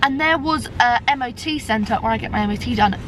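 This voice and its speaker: A woman's voice: fairly high pitch, a little fast. A young woman with a British accent chatting to camera on her phone in a car, rambling, self-deprecating and swearing freely. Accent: British English. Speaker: vlogger. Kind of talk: casual chat to camera. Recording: car interior with road noise.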